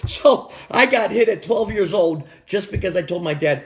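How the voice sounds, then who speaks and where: A man's voice: high-pitched, animated, moderate pace, creaky. A middle-aged man vlogging in a casual, rambling way, stumbling over restarts and repeated words.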